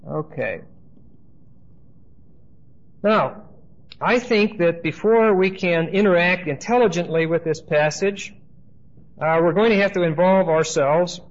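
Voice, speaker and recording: Guy preaching verse by verse, kinda high voice, keeps saying okay?, dull old recording. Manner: conversational teaching, frequent "okay?" checks, asides to congregation. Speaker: pastor. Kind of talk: expository Bible teaching. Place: church service.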